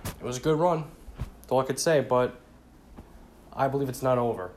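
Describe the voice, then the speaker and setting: A man's voice: mid-range voice, normal speed, a little hiss or hum. Casual man talking football. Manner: conversational, repeats points, frequent "you know". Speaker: sports commentator.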